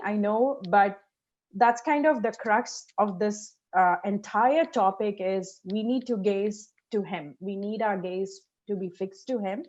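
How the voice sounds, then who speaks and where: A woman giving a devotional talk at a church fellowship seminar, pausing often with ums and uhs. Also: medium pitch, darkish tone. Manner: slow and hesitant, many ums and uhs. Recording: dull lo-fi sound.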